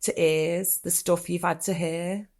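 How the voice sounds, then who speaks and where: A middle-aged woman from England reciting a rhythmic, rhyming spoken word poem in a slow, soothing way. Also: on the low side, little pitch movement, darkish tone. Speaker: therapist performing spoken word.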